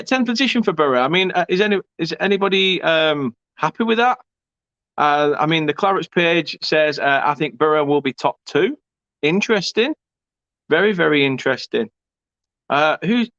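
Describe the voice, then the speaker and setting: A man's voice: fairly high pitch, fairly bright tone, no room sound. Chatty man, dull dry mic. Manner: chatty, banter-filled, swearing, laughing asides. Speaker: fan channel host. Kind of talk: casual live-stream chat reading comments.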